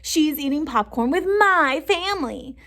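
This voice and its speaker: A woman's voice: high voice, expressive, measured pace, pushed and bright, pitched above the performer's own voice, exaggerated voice. A woman doing a bold, dramatic little girl. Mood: excited.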